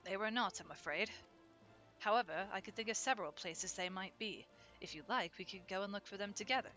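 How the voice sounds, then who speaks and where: A woman's voice: medium pitch, brisk, sharp tone, soft background music, natural voice. A woman voicing a stiff, formal young nobleman in a game, with old-fashioned phrasing. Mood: courteous.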